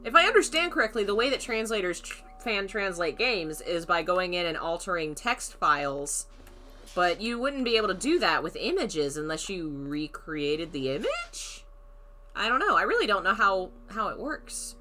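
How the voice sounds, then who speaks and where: A woman's voice: mid-range voice, sing-song, normal speed, sharp tone. A woman streaming a horror game, chatting casually, thinking aloud, greeting viewers and laughing often. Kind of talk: casual let's-play commentary.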